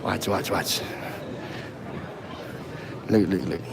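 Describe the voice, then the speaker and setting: This is a very noisy livestream from a city street, where a man auditing police films on a handheld phone and taunts officers with provocative slang. He speaks very slowly in a low, gravelly voice with a steady tone. He's a first amendment auditor in a street confrontation.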